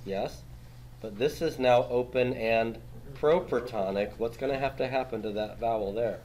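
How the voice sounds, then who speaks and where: A man's voice: mid-range voice, moderate pace, darkish tone, a little hiss or hum. A man teaching grammar in a classroom lecture, quizzing students and tagging his points with "right?". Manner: patient, steps through rules on a board.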